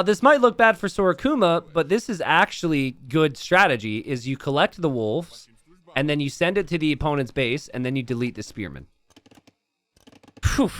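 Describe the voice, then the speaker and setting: A man casting a strategy game match, excitable and breaking into shouts and laughter. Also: fairly high pitch. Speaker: game caster.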